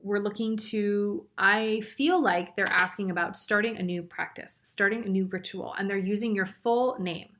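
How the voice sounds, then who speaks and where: A woman's voice: medium pitch, normal speed, hardly any pauses, a bit bright, slight background noise. A woman doing a live group psychic reading, blunt and chatty, swearing and laughing often. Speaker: psychic reader.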